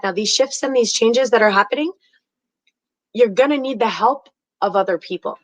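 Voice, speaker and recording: A woman hosting a live stream, telling stories in a chatty, animated way and giving psychic readings to callers. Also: a little high, no room sound, low-quality recording. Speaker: host and psychic reader.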